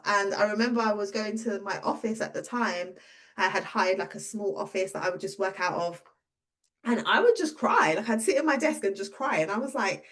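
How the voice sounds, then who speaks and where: A woman in her thirties, a business owner and coach, telling a personal story in a casual conversation and acting out the dialogue. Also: brisk. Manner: lively, acts out quoted dialogue with pitch jumps.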